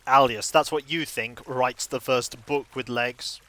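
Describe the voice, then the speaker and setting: A man's voice: mid-range voice, steady tone, a little slow, bright, forceful tone. A man streaming a video game, rambling through jokey, self-mocking asides. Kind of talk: casual gaming stream commentary.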